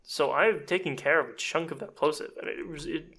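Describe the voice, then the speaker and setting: A man giving a chatty, self-deprecating audio editing tutorial, explaining step by step as he clicks through software. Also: on the high side, brisk. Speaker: voice actor and casting director.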